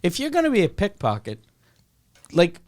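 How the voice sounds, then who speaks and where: A man's voice: high voice, huge pitch swings, moderate pace. A man co-hosting a comedy podcast, chatting casually, laughing often and restarting his sentences. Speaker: podcast co-host.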